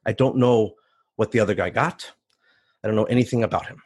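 A man telling a first-person story on stage, animated and acting out the voices of others. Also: fairly low pitch, brisk, breathy edge. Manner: animated, acts out voices in quotes.

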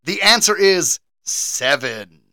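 Male podcast co-host, bright and lively, quick to laugh, dry close recording. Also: high-pitched, vocal fry, no room sound. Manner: animated, laughs often, jokey. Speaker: game show quizmaster. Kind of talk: casual podcast chat.

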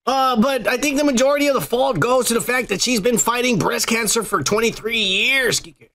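A man's voice: extremely high pitch, brisk, bright, forceful tone. A young man hosting a podcast, joking and rambling with lots of profanity. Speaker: podcast host. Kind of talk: casual crude podcast banter.

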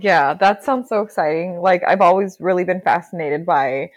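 A woman chats in a slow, hesitant way. Her voice is a little low. The sound is dry and close. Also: no echo. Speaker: podcast host. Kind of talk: casual chat.

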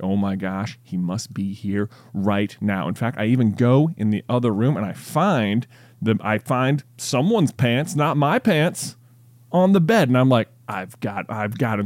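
A man's voice: medium pitch, darkish tone, no room sound, close to an everyday voice. A man voicing a jealous husband who rambles through a frantic story.

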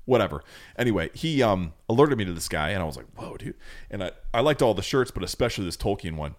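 Man, low-pitched, podcast co-host, casual chat, jokey, rambling. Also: very animated, quick pace. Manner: joking, rambling.

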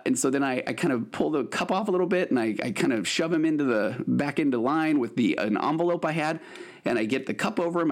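A man in his late forties, a therapist hosting his own podcast, telling a story casually with lots of restarts and fillers. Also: mid-range voice. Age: 40s. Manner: animated, rambling with frequent restarts and fillers.

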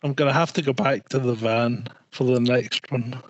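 A man's voice: medium pitch, fairly even intonation, normal speed, no room sound. A man chatting casually as co-host, telling stories with amusement over a remote call. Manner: storytelling, amused. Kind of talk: casual chat.

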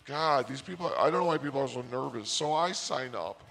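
A man telling a comic story in a deadpan, mock-naive, sarcastic way. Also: mid-range voice, a little fast, gravelly, faint music behind. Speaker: podcaster. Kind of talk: comedic storytelling monologue.

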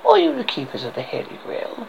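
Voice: mid-range voice, wildly swooping pitch, a little fast, creaky, a little mellow, a little hiss or hum, voice pushed up, full character voice. A reader playing a flustered young knight. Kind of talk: amateur film-script reading. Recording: dull lo-fi recording.

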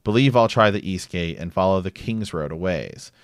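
A man's voice: low voice, lively intonation, normal speed, clear, resonant tone, no room sound, clean studio sound. A man reading aloud the lines of a blunt, practical wildling woman.

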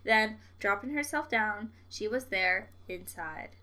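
Bright-voiced young woman reading aloud. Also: medium pitch, animated. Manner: reads in a slow, deliberate cadence, breaking into giggles. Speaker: podcast co-host reading a story aloud. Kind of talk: reading aloud on a livestream, with joking asides.

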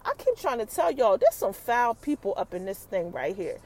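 A woman hosts a podcast, recapping a TV episode casually and talking directly to listeners with quick asides. Her voice is fairly high and a little mellow, with huge pitch swings.

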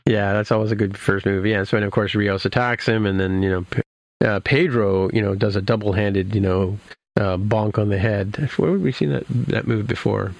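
A man's voice: fairly low pitch, fairly even intonation, moderate pace, creaky, no room sound. A man casually recapping an episode for his podcast co-hosts, rambling with many fillers and restarts. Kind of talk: casual chat.

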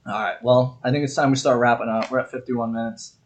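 A man's voice: mid-range voice, quick pace, very noisy. A young man co-hosting a casual podcast, telling stories with energy, acting out quotes and laughing often. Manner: lively storyteller who acts out quotes and laughs often. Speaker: podcast co-host. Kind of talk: casual chat.

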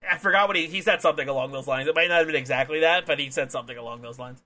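Bright-voiced excitable young man recapping. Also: on the high side, racing. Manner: excitable, swearing, laughs often. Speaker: wrestling podcast co-host. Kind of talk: casual podcast chat, recapping a match.

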